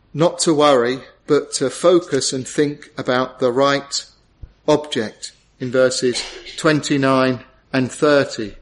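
A middle-aged man preaching a sermon, earnest and tender, rising to emphatic peaks. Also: on the high side.

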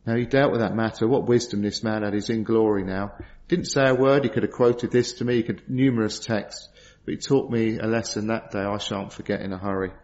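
A man's voice: fairly low pitch, fairly even intonation, fairly quick, a little mellow. A middle-aged man preaching a sermon, earnest and storytelling, asking rhetorical questions. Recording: dull lo-fi sound.

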